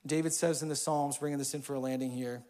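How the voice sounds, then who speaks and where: A man in his thirties preaching a sermon in a church, casual and energetic, with slang. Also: mid-range voice, quick pace. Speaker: pastor.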